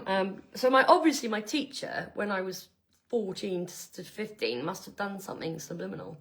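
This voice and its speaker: Playful Australian woman, lively pitch. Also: fairly quick. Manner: playful, laughing, jokey. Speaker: co-host. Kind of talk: casual chat.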